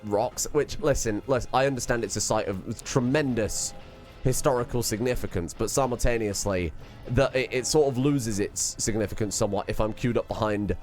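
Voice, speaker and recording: A man's voice: mid-range voice, normal speed, a little mellow, soft background music. A young man chatting as co-host over gameplay, dry and wordy, with teasing jokes. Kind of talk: casual chat over gameplay.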